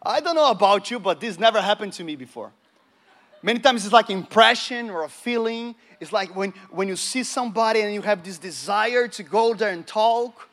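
A man's voice: high voice, normal speed, fairly bright tone. A man preaching a sermon, telling a testimony with acted-out dialogue and asking the audience questions. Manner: storytelling, acts out dialogue, engages the audience.

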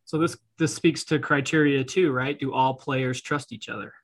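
A man co-hosting a relaxed podcast chat about estate planning. He walks through how trusts and wills work in plain, easygoing terms, and laughs easily. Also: mid-range voice, normal speed. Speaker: estate planning attorney co-host. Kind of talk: casual podcast conversation.

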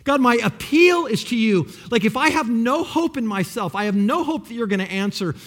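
A man preaching a sermon with passion, swinging between loud pleading and hushed, near-whispered lines. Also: very high-pitched, expressive, moderate pace. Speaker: pastor.

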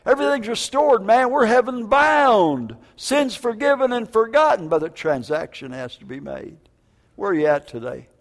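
An older man preaching a sermon as a prison minister, telling stories in an animated, jokey way with stammered restarts. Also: high voice, normal speed, vocal fry. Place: church. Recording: reverberant church hall.

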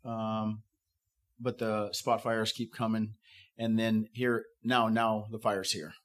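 This fire captain, a middle-aged man, speaks slowly in a lowish, somewhat bright voice with little pitch movement. Recounting an evacuation, he restarts often, fills in with fillers, and occasionally acts out others' voices.

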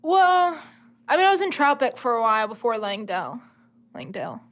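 A woman's voice: on the high side, big pitch swings, brisk, fairly bright tone. A woman playing a tabletop game, answering in character in a laid-back, offhand way.

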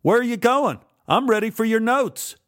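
A man voicing a cocky young male college actor who shouts and taunts with menace, his pitch pushed well up. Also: expressive, unhurried, no echo, studio quality. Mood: shouting taunts.

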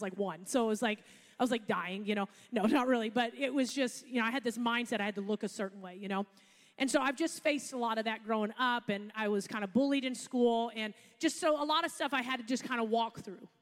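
A woman's voice: a little high, fast, in a large hall. Chatty woman pastor preaching. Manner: chatty storytelling with laughs and asides. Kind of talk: sermon.

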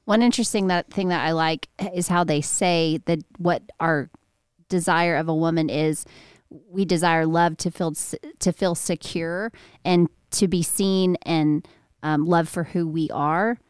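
A woman's voice: on the low side, steady tone, a little slow, clean tone, no echo, studio quality. A woman guest speaking candidly and earnestly in a casual faith-based chat.

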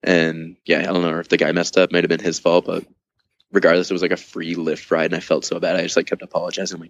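Gravelly low-voiced man telling stories. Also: monotone, fast talker, no echo, dull audio. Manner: loose, filler-heavy, swears often, laughs through funny parts. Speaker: podcast guest. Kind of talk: casual storytelling chat.

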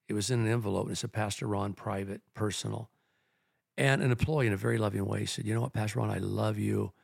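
A man's voice: mid-range voice, gravelly, no echo, studio quality. A middle-aged man, a pastor, telling personal stories earnestly in a casual podcast discussion. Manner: earnest storyteller, tells personal anecdotes.

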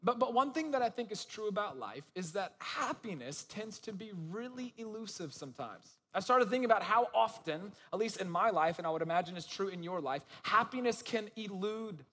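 A young man with a high voice preaches in a relaxed, chatty way, dropping "you know" asides into his story. His voice carries a long reverb from the large hall around him. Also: fairly quick, few pauses. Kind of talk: casual sermon.

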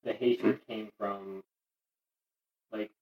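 Blunt low-voiced young man chatting. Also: fairly even intonation, lo-fi sound. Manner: blunt, quick interjections. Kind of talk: casual chat.

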